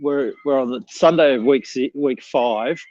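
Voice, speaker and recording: A man's voice: mid-range voice, measured pace, darkish tone, no room sound, lo-fi sound. A man co-hosting a motivational morning session, speaking in an encouraging way. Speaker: co-host of a morning mindset session. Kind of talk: casual chat, motivational.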